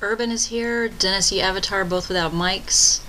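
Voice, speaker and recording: A woman coordinating an online voice chat meeting, briskly calling on each person in turn. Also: mid-range voice, steady tone, sharp tone, rough recording. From United States. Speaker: meeting coordinator running roll call. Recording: voice chat with faint background noise.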